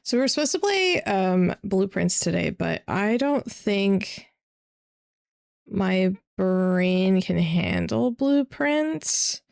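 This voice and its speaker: Tired young female streamer, creaky fry, loose rambling delivery. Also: mid-range voice, very animated, takes it slowly, darkish tone. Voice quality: vocal fry. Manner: rambling, many fillers. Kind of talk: casual chat.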